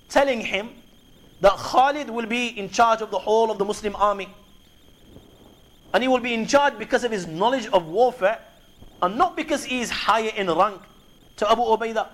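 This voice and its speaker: A male preacher tells history in a measured sermon, adding Arabic honorifics throughout. His voice sits high for a man. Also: fairly bright tone. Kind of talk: sermon retelling Islamic history.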